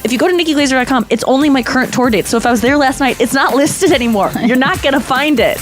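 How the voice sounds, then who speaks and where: A woman hosting a podcast in casual chat, candid and confessional, talking quickly with laughs and nursing an irritated throat. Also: high-pitched, animated, soft background music. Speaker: podcast host.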